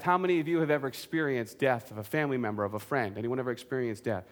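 A man's voice: medium pitch, very fast. A man preaching a sermon, earnest and direct, asking the congregation questions and joking in between. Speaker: pastor.

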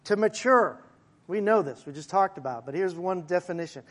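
High-voiced male pastor preaching. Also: lively intonation, fairly quick, fairly bright tone. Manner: conversational preaching with asides to the congregation and slide operator. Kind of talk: sermon.

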